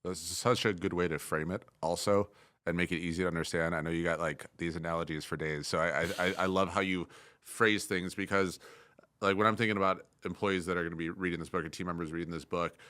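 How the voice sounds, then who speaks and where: A man's voice: low-pitched, steady tone, fast, pushed and bright, dry recording. A man hosting a podcast interview, enthusiastic and agreeable, with many fillers. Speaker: podcast host. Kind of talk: conversational interview.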